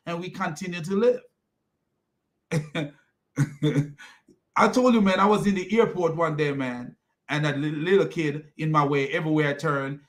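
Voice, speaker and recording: A man delivering ranting commentary with a mocking edge, chuckling at what he describes. His voice sits a little higher than most men's. He talks loosely and repeats himself as he goes. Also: fairly bright tone. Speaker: commentary host. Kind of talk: reaction commentary on clips.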